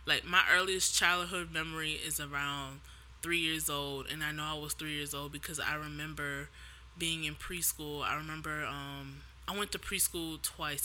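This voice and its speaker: Woman podcast host, very bright voice, candid and heated, lots of fillers and restarts. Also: low voice. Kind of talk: casual podcast monologue.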